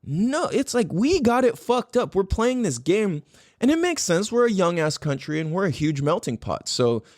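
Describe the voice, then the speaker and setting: Lively, animated male podcast host. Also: high voice, normal speed, dry recording, studio quality. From United States. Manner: animated, swears freely, muses aloud. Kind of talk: casual monologue.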